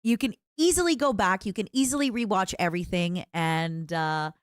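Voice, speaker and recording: A woman streamer chatting casually with her viewers, rambling and animated, often restarting her sentences. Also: medium pitch, normal speed, clean tone, no echo, clean studio sound. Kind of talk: casual livestream chat.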